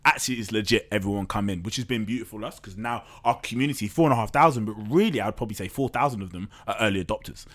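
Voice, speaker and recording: A man's voice: lowish voice, very fast, hardly any pauses, a bit bright. A man, a startup co-founder, talking openly and casually as a podcast guest, with loose slang and the odd swear. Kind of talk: candid podcast conversation.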